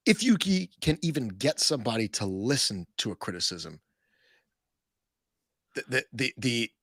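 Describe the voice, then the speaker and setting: A man's voice: mid-range voice, sing-song, normal speed, a bit bright, slightly rough, dry recording, clean studio sound. A man hosting a casual talk show, speaking bluntly and rambling with frequent restarts. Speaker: podcast host. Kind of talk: casual crypto chat.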